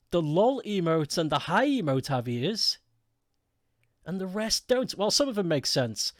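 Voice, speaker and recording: Lively man streaming a game. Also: high voice, a little slow, dry recording, clean studio sound. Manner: chatty, laughing, talking to chat viewers. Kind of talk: casual live-stream chat while gaming.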